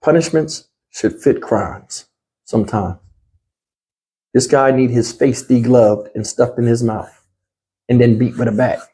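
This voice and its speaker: A man's voice: medium pitch, unhurried, long pauses, mellow. A man hosting a reaction channel, talking in a blunt, heated, slangy way straight to his viewers. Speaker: commentary channel host. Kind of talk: casual reaction commentary.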